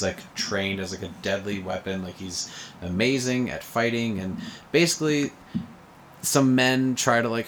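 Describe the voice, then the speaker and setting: A man's voice: fairly low pitch, fairly bright tone, a little hiss or hum. A young man in casual conversation, rambling with lots of fillers and frequent laughs. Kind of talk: casual podcast chat about movies.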